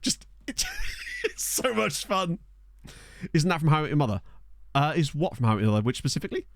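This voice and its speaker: A streamer with a creaky voice talks at a quick pace to his live viewers while playing a football management game in a small bedroom. He rambles animatedly, laughs often as he tells stories, and his pitch varies a lot. His close desk USB mic sounds dry, with no room echo.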